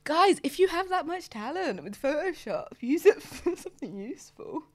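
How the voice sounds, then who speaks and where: A woman's voice: high voice, sing-song, normal speed. A young woman, co-hosting a casual podcast chat and firing off teasing retorts. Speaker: podcast co-host.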